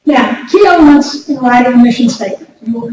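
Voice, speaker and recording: A woman giving a lively workshop talk to an audience, chatty and direct, often repeating her words. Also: on the high side, a little fast. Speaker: workshop speaker. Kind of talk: lively workplace wellness talk. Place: large room before an audience. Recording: echoey hall recorded from far off with noise.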